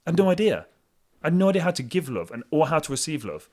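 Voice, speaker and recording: Fast-talking candid man. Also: on the high side. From England. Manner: fast, animated, candid, self-deprecating. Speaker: podcast guest. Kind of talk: candid conversational storytelling.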